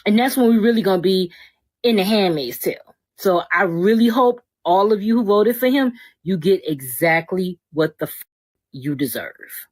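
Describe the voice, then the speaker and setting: A woman's voice: mid-range voice, lively intonation, moderate pace, darkish tone, dry recording, poor audio. A woman in an angry vlog rant, speaking in a bitter, cutting way with profanity. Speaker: social media poster.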